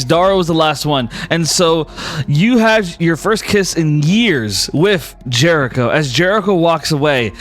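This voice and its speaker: A young man narrating a tabletop game as game master, telling the story in an animated way and chuckling now and then. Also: a little high.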